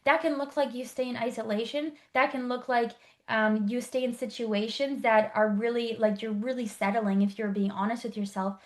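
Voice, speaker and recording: A woman life coach teaching an online workshop, explaining briskly and checking in with rhetorical questions. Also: a little high, steady tone.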